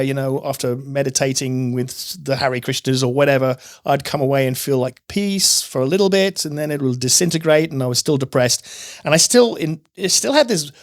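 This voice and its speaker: A man as a podcast guest, sharing his personal testimony in an earnest, animated storytelling manner. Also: mid-range voice, normal speed. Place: podcast studio.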